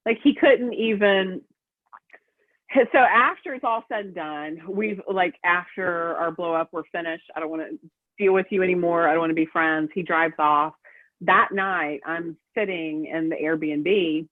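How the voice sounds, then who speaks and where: A woman guest in a casual interview, telling a personal story in a lively way and acting out what people said. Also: on the low side, unhurried, no room sound. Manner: lively storyteller who acts out quoted voices. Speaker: guest, prison matchmaker. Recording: tinny phone-like line, dry.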